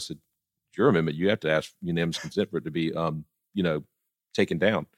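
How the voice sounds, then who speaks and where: A man's voice: deep voice, fast, fairly bright tone, no room sound, studio quality. A middle-aged man talking politics casually, blunt and profane, often laughing as he tells stories. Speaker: political commentator.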